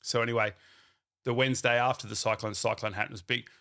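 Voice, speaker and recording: A man, a company founder telling his story in a casual, animated way and acting out what people said to him. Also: mid-range voice, fast talker, vocal fry.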